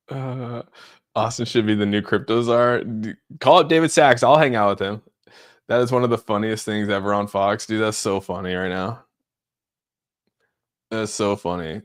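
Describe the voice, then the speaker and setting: His pitch sits fairly low and his tone stays steady, with a measured pace and frequent pauses. He's a young man running a live crypto stream, laughing often at his chat and saying "dude" a lot in a giddy, amused way.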